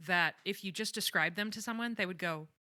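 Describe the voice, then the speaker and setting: A woman's voice: medium pitch, no room sound, studio quality. A woman co-hosting a podcast, chatting casually and jokily about a TV episode. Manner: animated, giggly, quick to joke. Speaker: podcast co-host. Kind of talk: casual chat recapping a TV episode.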